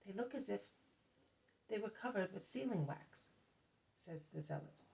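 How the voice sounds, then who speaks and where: A woman reading a devotional book aloud as narrator, steady and deliberate. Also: medium pitch, vocal fry, low-quality recording.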